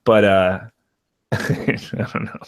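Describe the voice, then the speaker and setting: A man's voice: low voice, steady tone, drawn-out words, smooth. A man talking as a guest on a casual online podcast, joking crudely and laughing a lot. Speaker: guest content creator.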